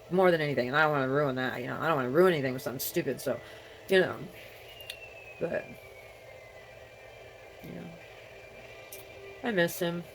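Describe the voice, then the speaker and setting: A low-voiced middle-aged woman rambles on her own in a video, with a faint hiss or hum in the audio. She wanders from thought to thought, talks to herself, and frequently trails off.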